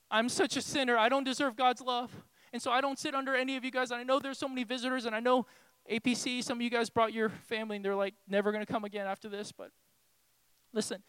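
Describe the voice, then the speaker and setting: A man preaching a sermon as pastor in a church, impassioned and pleading, swinging from hushed tones to shouting. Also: high-pitched, clear, resonant tone, dry recording. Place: church hall.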